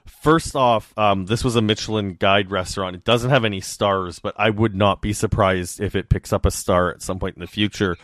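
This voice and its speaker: A man's voice: fairly low pitch, steady tone, normal speed, a bit bright, dry recording, studio quality. A young adult man co-hosting a podcast, chatting casually with musing asides. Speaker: podcast co-host. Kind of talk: casual chat.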